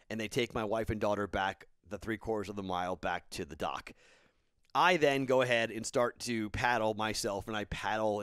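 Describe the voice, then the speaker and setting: A man's voice: lowish voice, fairly bright tone, clear, resonant tone, dry recording, studio quality. A man in his thirties, a podcast host, telling a casual rambling story and then giving betting picks, tired and self-correcting.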